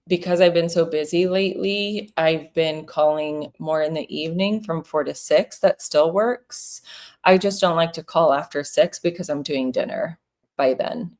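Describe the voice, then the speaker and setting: A woman hosting a relaxed, chatty livestream from her home office, giving real estate advice and acting out phone calls in little voices. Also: deep voice. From South Florida. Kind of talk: casual livestream advice chat.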